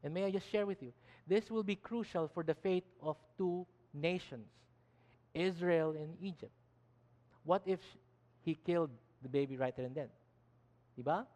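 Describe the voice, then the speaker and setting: A man's voice: fairly high pitch, moderate pace, pauses often, darkish tone. A man preaching a sermon emphatically, often restarting his words. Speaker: pastor. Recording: long reverb of a hall.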